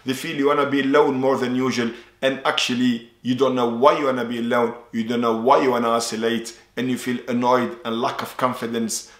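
A man's voice: mid-range voice, level tone, brisk, few pauses, echoey room. A man speaking as a ruqya practitioner, explaining at length in an earnest, repetitive way, often adding religious phrases. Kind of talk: instructional talk.

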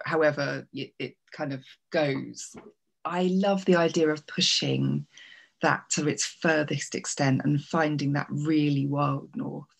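Low creaky-voiced woman author. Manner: quick, laughing, self-described natural gabbler. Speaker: author guest. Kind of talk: reading aloud and casual interview chat. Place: home, on a video call. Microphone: video call.

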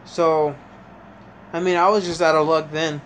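A young man fresh out of high school, telling a rambling, frustrated story in a casual vlog, full of fillers and restarts. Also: level tone, a little slow, slight background noise. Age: young adult. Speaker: vlogger.

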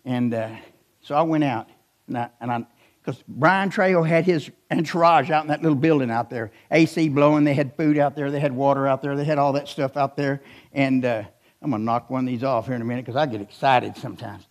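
A man's voice: medium pitch, brisk. A man, an assistant pastor preaching a sermon in a church, telling stories and building to emphatic questions. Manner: storytelling, animated, rising to emphatic questions.

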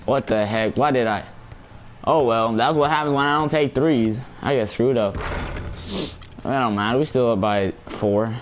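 A man's voice: medium pitch, measured pace, a little hiss or hum. Giggly young man narrating his gameplay. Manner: giggly, excitable, slangy. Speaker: gameplay YouTuber. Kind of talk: casual gameplay commentary.

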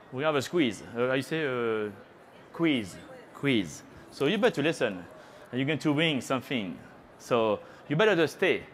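A man from France demonstrates cooking live on a trade show stage, chatty and teasing, his French accent showing as he slips into French phrases. The mid-range voice is a bit bright, with slight noise in the background.

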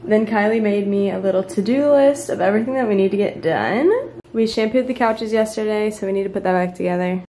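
A young woman in her twenties talking casually to the camera in her house, bubbly and excited. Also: mid-range voice, a little fast. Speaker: vlogger, bride-to-be. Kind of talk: casual vlog talk to camera. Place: house being decorated. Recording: noisy home recording.

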